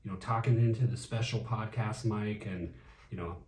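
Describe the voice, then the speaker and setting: Man vlog co-host, lowish voice, relaxed chat, distant roomy echo. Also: normal speed, slight background noise. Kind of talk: casual chat. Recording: echoey room, mic at a distance.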